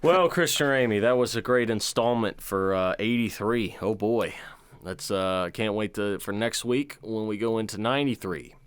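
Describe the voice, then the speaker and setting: Low-voiced, blunt male podcast co-host. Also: normal speed, clear, resonant tone. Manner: blunt, profane banter. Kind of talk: casual chat.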